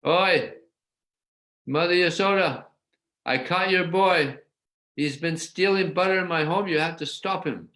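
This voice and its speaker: A man voicing an indignant elderly village woman, telling off a boy in a high, shrill voice in a scripture story. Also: a little slow, long pauses. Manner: shrill, excited scolding.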